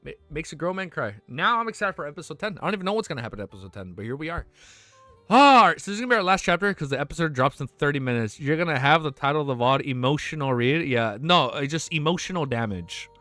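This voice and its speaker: A man's voice: a little high, expressive, fast, bright, forceful tone, no echo, soft background music. A young man streaming, reading a novel aloud and breaking off to react emotionally, casual and swearing.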